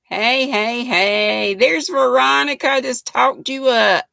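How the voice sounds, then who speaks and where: An older Southern woman drawls slowly through a chatty live stream, her voice bright and edged with gravelly fry. She greets viewers by name in a homey, folksy way, recorded close and dry. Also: a little high, dry recording. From North Carolina. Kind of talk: casual live-stream chat reading viewer comments.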